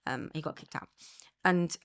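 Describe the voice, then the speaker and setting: In a podcast studio, an English-accented woman appears as a guest and talks earnestly and openly about her past at a moderate pace, her voice slightly bright. She restarts her sentences often and imitates other people's voices when quoting them.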